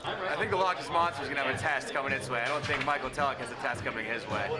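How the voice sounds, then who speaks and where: A man's voice: medium pitch, fast talker, a loud crowd. A man confidently hyping up a friend in a short interview. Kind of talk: hype interview.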